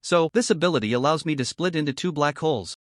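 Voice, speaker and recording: A man's voice: on the high side, fast talker, no echo, clean studio sound, natural voice. A man voicing a lazy but careful young man reborn as a black hole in a storybook recap. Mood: musing.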